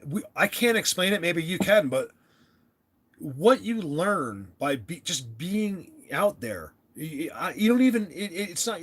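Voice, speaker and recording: A man's voice: on the high side, fairly bright tone, slightly rough. A young American man hosting a casual livestream chat, rambling and restarting his sentences as he talks to viewers. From United States. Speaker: livestream host.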